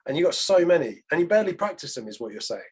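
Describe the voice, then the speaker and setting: A man's voice: fairly high pitch, sing-song, racing, breathy edge. A British man co-hosting a casual Bible podcast, speaking in an earnest, reflective way with frequent fillers. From Britain. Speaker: podcast co-host. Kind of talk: casual chat about the Bible.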